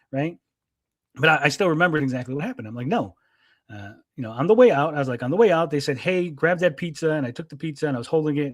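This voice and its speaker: A man's voice: fairly high pitch, no echo, studio quality. A man hosting a livestream, telling a long story in a rambling, agitated way, with many fillers and constant "right?" checks. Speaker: livestream host.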